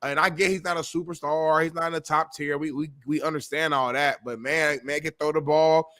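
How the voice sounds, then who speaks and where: A man's voice: fairly high pitch, fairly even intonation, fairly quick, sharp tone, dry recording, studio quality. A man co-hosting a sports talk show, insistent and profane, repeating his point to defend it. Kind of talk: casual sports talk debate.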